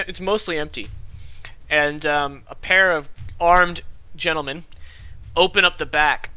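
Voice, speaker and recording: A man's voice: fairly high pitch, bright, forceful tone, clear, resonant tone. A man running a tabletop game as game master, narrating casually with fillers and restarts.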